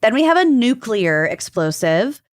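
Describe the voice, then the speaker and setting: A woman's voice: on the high side, sing-song, measured pace, no echo, studio quality. A woman co-hosting a podcast, explaining research notes in a loose, joking way, full of "like" fillers. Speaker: podcast co-host.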